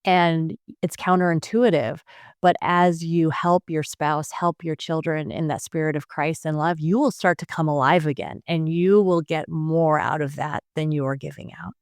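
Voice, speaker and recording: A woman's voice: deep voice, moderate pace, clean tone, no echo, clean studio sound. A woman, a guest author and speaker, talking earnestly about faith and parenting in an interview, often laughing as she makes a point. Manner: earnest, animated storytelling with laughs.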